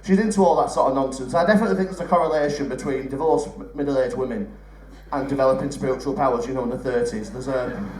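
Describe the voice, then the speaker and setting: Fast-talking in a darkish mid-range voice, a young man performs live stand-up on a theatre stage. He chats, teases the audience, and swears freely, captured off-mic by a distant microphone with roomy theatre sound.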